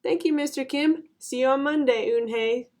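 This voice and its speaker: A curious young schoolboy, voiced by a woman reading aloud speaks brightly and warmly. His voice is lifted higher than the narration. It suits a children's story. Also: normal speed, close to an everyday voice. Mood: friendly.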